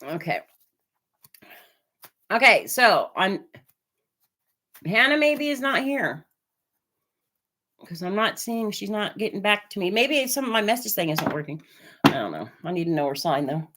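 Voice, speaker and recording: A woman's voice: medium pitch, sing-song, measured pace, pauses often, bright, forceful tone. A woman from Oregon chatting on a live stream while she gives a tarot reading, with lots of fillers and hesitations. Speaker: tarot reader.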